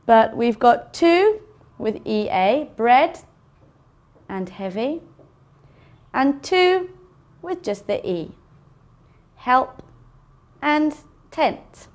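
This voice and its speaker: A woman teaching an English phonics lesson, sounding out words slowly and carefully for learners. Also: on the high side, big pitch swings. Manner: slow, careful enunciation of sounds.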